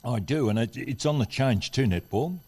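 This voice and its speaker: A man's voice: medium pitch, expressive, moderate pace, a little mellow, husky. A man co-hosting a sports podcast, blunt and argumentative in casual chat. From Australia. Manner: blunt, argumentative, then explains at length. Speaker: podcast co-host.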